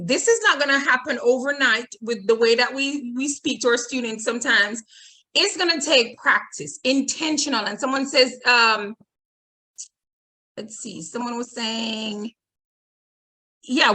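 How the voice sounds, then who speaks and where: A woman's voice: a little high, normal speed, pushed and bright. A woman leading an online teacher training, repeating her points and checking in with "okay?" and reading audience comments aloud. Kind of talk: webinar presentation.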